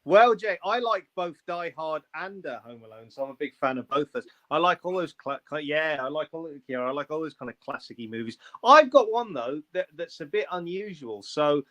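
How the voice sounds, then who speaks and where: A man, a guest on a livestream, picks his way through his words with many ums and restarts. His voice sits a touch higher than most men's and comes through a computer mic on a video call. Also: animated, normal speed, few pauses, a bit bright. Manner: hesitant, many fillers and restarts. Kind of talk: casual chat on a livestream.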